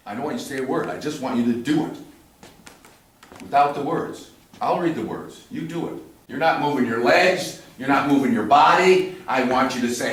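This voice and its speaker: Guy directing a play rehearsal, blunt and swears, sharp bright voice, far off in a big echoey room. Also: on the high side, lively intonation, moderate pace. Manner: blunt, swearing, swings from quiet to loud pushing. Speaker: theatre director. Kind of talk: rehearsal coaching. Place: studio theatre rehearsal room.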